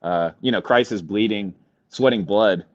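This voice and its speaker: A man's voice: on the low side, normal speed. A man in casual reflective chat, thoughtful and wry, chuckling as he talks. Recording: dull dry call audio.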